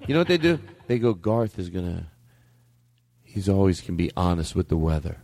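A man hosting a podcast, talking in a rambling, animated way and laughing often as he riffs. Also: fairly low pitch, fast, music in the background. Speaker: podcast host. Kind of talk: casual comedic chat.

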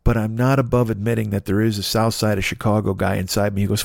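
A man's voice: lowish voice, little pitch movement, quick pace, gravelly, darkish tone, dry recording. A man hosting a podcast in a casual solo monologue, rambling and self-critical with many restarts. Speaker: podcast host.

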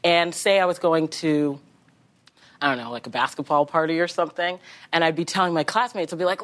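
A woman talk show guest chatting casually, telling a long rambling story with animated asides and laughs. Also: low voice, fairly quick. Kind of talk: casual chat.

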